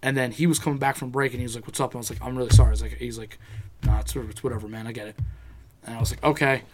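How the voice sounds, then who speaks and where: A man's voice: mid-range voice, fairly even intonation, racing, a little mellow, a little hiss or hum. A man in casual chat, telling a rambling personal story, swearing freely and acting out what people said.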